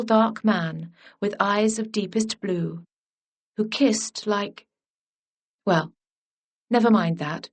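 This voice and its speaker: Woman audiobook narrator, unhurried, gentle, mid-pitched. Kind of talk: scripted romance narration.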